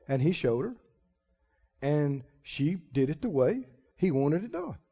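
Folksy preacher, high lively voice. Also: male voice, gravelly, husky. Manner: folksy, emphatic preaching with sudden loud swells and drawn-out words. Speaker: pastor. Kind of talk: sermon. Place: church sanctuary. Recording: muffled recording in a reverberant church hall.

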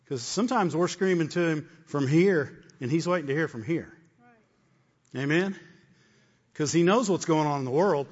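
A man preaching a sermon with repeated phrases, often asking "Amen?". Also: fairly high pitch. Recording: dull, echoey hall.

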